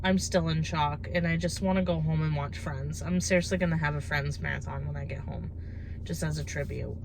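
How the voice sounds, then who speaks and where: A woman's voice: low-pitched, steady tone, a little fast, vocal fry, background noise. A young woman vlogging casually to a handheld camera, talking in a chatty, rambling way full of fillers. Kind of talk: casual vlog talk to camera. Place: kitchen and parked car.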